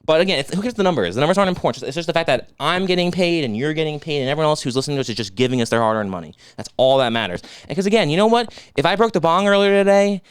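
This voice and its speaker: A man co-hosting a comedy podcast who rants in mock anger and swears a lot. He talks fast in a smooth, clear voice. The sound is dry and close. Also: on the high side, lively intonation, dry recording. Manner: fast, profane, mock-angry ranting. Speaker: podcast co-host. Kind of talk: casual comedic podcast chat.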